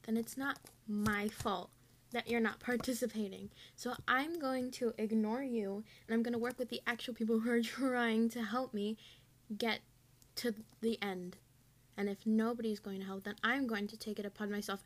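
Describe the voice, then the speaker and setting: A woman's voice: fairly high pitch, moderate pace. A teenage girl in a casual vlog, ranting in an exasperated, sarcastic way about her online class. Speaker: student vlogger.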